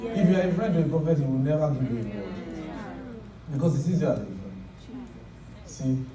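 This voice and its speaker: A man's voice: a little high, animated, a little fast. A man preaching a sermon, telling stories with laughing asides and leading the crowd in prayer. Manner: anecdotal, laughing asides, shouts prayer lines for the crowd to repeat. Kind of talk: sermon with call-and-response prayer. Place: large church hall with congregation. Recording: echoey hall, distant, loud crowd.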